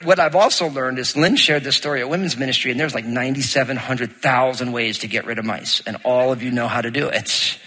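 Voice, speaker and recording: Bright, husky preacher man in a hall. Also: medium pitch, fairly quick, hardly any pauses. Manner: storytelling, animated, acts out quotes. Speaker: pastor. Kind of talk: sermon.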